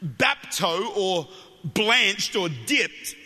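A man with an Australian accent preaches in a big church hall, and his voice rings back with a long reverb. His voice sits very high and sounds intensely bright. He mixes jokes with passionate, shouted appeals. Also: extremely slow. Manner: humorous, animated, building to shouted fervor. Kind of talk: sermon.

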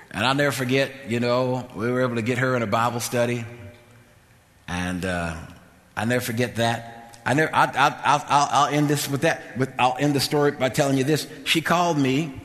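A man's voice: mid-range voice, brisk, a bit bright. A man pastor telling a testimony in a sermon, repeating phrases and acting out the dialogue of the people in his story. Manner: repetitive, acts out quoted dialogue. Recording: long hall reverb.

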